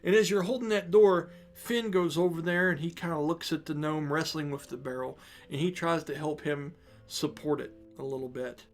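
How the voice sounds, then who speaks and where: Higher-voiced man running a tabletop game. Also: moderate pace, soft background music. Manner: casual, chatty, laughs easily. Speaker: dungeon master.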